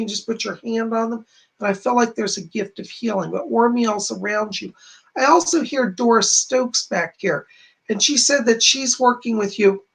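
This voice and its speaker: Chatty male psychic with a gravelly voice. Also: extremely high pitch, a bit bright, low-quality recording. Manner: chatty, earnest, reassuring; retells messages with repeated "she said". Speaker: psychic medium. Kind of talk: livestream readings for viewers. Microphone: streaming from home to camera.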